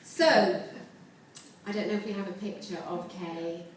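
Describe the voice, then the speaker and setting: A woman's voice: fairly low pitch, steady tone, a little slow, recorded from a distance. Woman telling her story in an echoey hall. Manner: earnest, reflective, with warm laughter. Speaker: award speaker. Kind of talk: personal storytelling speech.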